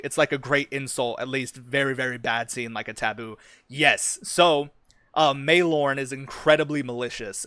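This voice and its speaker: A man's voice: medium pitch, a bit bright, smooth, dry recording. A man streaming, talking casually and profanely about a fantasy world he is building, with lots of fillers and restarts. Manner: rambling, profane, many fillers.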